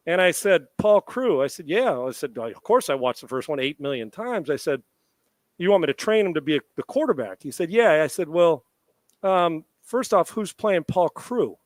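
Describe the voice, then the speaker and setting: A middle-aged man with a fairly high speaking voice spins a lively anecdote on a sports talk show. He acts out both sides of the conversation and swears freely. The sound is dry and close, with no room echo. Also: normal speed. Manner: animated anecdote-telling with quoted dialogue and profanity. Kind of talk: casual storytelling on a live sports show.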